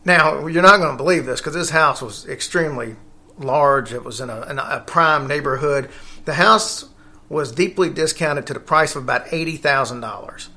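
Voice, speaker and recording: A man's voice: on the high side, moderate pace, bright, forceful tone. A man hosting a casual podcast, rambling along with fillers and self-corrections. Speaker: podcast host.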